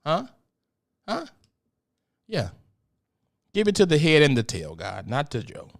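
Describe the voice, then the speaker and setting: A man's voice: fairly high pitch, wildly swooping pitch, unhurried, gravelly. A man hosting a casual solo podcast, ranting in a blunt, profane, joking way and sometimes turning mock-preachy. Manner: mock-preachy when addressing God. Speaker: podcast host.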